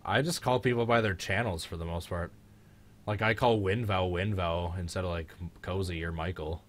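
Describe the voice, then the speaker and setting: A man's voice: sits low, fairly even intonation, normal speed, a bit bright. A young man hosting a live stream, chatting casually and joking in a rambling way.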